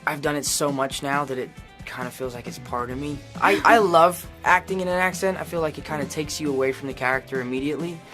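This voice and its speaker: A man's voice: a little high, fast talker, faint music behind. A young man from England, an actor in interviews, telling anecdotes and acting out what others said. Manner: animated storyteller, acts out others' lines with laughs.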